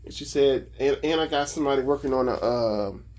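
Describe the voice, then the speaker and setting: A man casually telling a story about his own life, animated and full of profanity. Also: mid-range voice, a little fast. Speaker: vlogger.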